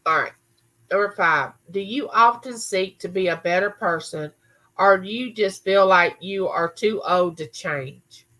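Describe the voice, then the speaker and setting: Speaking unhurriedly in a bright, forceful medium-pitched voice, a woman hosts a casual home livestream from her recording room, reading comments aloud and answering people by name. The audio quality is poor.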